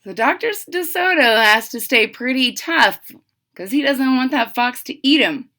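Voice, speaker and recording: Woman teacher doing a storybook read-aloud, higher voice, slow and animated, asides to the kids. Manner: expressive, chatty asides to the class. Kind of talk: reading a picture book aloud to children.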